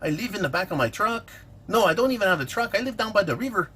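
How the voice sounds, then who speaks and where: A man's voice: sits high, expressive, fast, bright, forceful tone, slightly rough, pitched above the performer's own voice, exaggerated voice. A man putting on an exaggerated Mexican accent to voice a mocking caricature of a broke man. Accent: put-on Mexican accent. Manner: exaggerated, mocking, sing-song.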